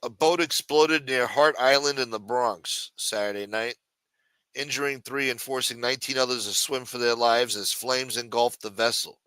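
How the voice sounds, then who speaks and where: A man's voice: mid-range voice, fairly even intonation, normal speed, pushed and bright, clean tone, no room sound. A man hosting a casual late-night livestream, rambling, sarcastic and profane as he comments on the news. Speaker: host.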